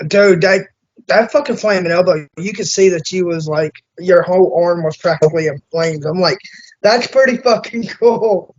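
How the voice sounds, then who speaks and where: A man hosting an interview, chatting casually and excitably with plenty of swearing. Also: sits high. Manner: excitable, profane, fast bursts. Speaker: interview host. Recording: dull lo-fi sound.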